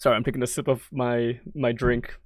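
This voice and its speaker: A woman's voice: very deep voice, flat delivery, a little fast, a little mellow, no room sound, studio quality. An Australian woman streamer chatting casually through a game playthrough, laughing and swearing as she rambles.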